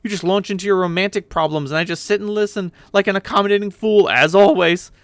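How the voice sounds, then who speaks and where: A man voicing a furious young woman who shouts and snaps sarcastically at her friend, in a webcomic read aloud with voices. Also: high-pitched, fairly even intonation, fast, no echo, lightly acted.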